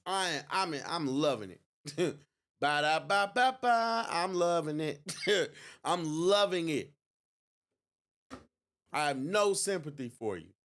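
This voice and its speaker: Animated, gloating man streaming. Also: a little high, slow, pauses often. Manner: gloating, mocking, animated, laughs often. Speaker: livestream host. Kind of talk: election night livestream commentary.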